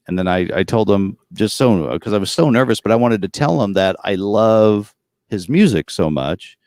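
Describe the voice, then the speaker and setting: A man's voice: low-pitched, a little mellow, dry recording, studio quality. A man around forty, a tribute performer from California, telling stories in a rambling, easygoing way with many fillers on a video call from the front of a tour bus. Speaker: tribute performer, interview guest. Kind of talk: casual storytelling interview.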